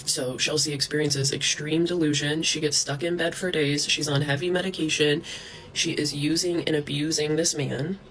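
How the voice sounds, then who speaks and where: A woman's voice: low-pitched, steady tone, moderate pace, poor audio. A woman vlogger delivering a heated, profane rant to camera, breaking into scornful laughs. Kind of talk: ranting monologue to camera.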